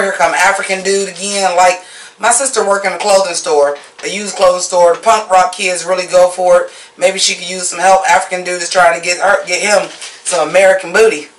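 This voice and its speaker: A TV-show reviewer talking in a loose, casual recap style, cursing freely and blunt about every complaint. The voice sits at a mid pitch and sounds set back from the mic, bouncing around an echoey room. The tone turns mocking whenever a scene falls flat. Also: far from the mic, slight background noise. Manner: blunt, profane, opinionated; animated, mocking. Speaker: TV episode reviewer.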